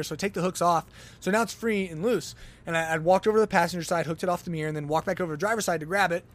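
A man hosting a podcast, telling a long everyday story in a casual, animated way and acting out his own exclamations. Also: sits high. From lives in Denver, Colorado. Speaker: podcast host.

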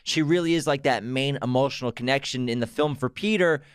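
A man talking about movies at a quick clip, eager and animated. His voice sits at an ordinary middle pitch, and the recording is dry and close, with no room sound. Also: smooth, no room sound. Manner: fast, eager, animated opinions. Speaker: co-host of a movie channel. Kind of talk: casual movie discussion.

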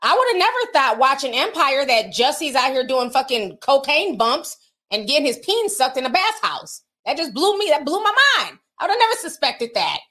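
A woman's voice: sits high, very animated, moderate pace, a bit bright. A woman hosting a casual livestream, chatting candidly, laughing often and tossing in slangy asides as she reads viewer messages. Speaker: livestream host reading super chats.

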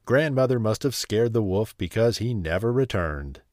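A man reading a bedtime story aloud in a slow, soothing, expressive way. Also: on the low side, dry recording, clean studio sound.

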